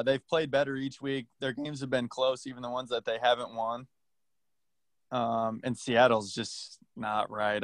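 A man's voice: mid-range voice, dry recording. Man, sports podcast co-host, offhand and blunt, dry recording. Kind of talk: casual sports talk.

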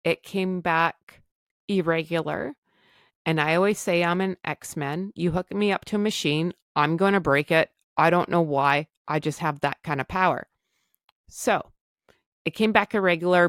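A woman from Canada shares a personal recovery story in a candid, chatty monologue with self-deprecating asides. Her voice sits low. The recording is dry and close, with no room sound. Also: no echo. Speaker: podcast host.

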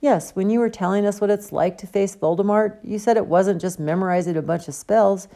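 A woman's voice: medium pitch, a little fast, mellow, voice pushed up, close to an everyday voice. A woman voicing an earnest, clever teenage girl witch in an audiobook reading, arguing her point carefully. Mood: reasoning. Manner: earnest, reasoning.

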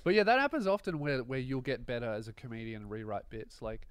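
A man's voice: medium pitch, sing-song, quick pace, clean tone, no echo. A man hosting a comedy podcast, laid-back and sweary, telling anecdotes. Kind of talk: casual chat.

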